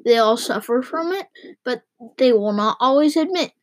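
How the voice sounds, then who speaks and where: A woman's voice: high-pitched, lively intonation, moderate pace. Woman playing a bellowing reckless coach driver. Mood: boastful. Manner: bellowing, singsong, riddling. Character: reckless boastful male mail-coach driver.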